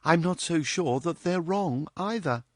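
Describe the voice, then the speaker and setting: A man voicing a lively, outspoken young woman who teases and chatters playfully. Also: fairly high pitch, a little slow, dry recording, clean studio sound, pitched above the performer's own voice. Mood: teasing. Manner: chattering, playful, mock-dramatic.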